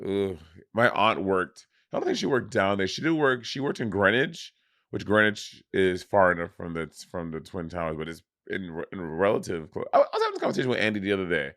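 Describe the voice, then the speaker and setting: A man's voice: sits low, big pitch swings, fairly quick, a bit bright, dry recording, clean studio sound. A man from Saint Lucia, co-hosting a podcast in casual chat, rambling with many restarts and trailing off. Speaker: podcast co-host.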